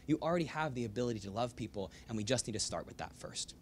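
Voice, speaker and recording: Animated young man telling a story. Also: mid-range voice, quick pace, a little hiss or hum. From United States. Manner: lively, animated storytelling with laughs. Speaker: author giving a book talk. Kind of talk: storytelling talk to a live audience. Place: bookstore event room.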